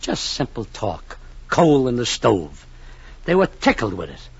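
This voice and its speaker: A man telling a radio comedy yarn in a grand, mock-pompous manner, his pitch leaping about with lively swings. His voice is husky, and the old recording is dull and dry. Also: a little slow, no echo. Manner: mock-pompous and long-winded, with grand phrasing. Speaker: comic narrator. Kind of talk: 1940s radio comedy monologue.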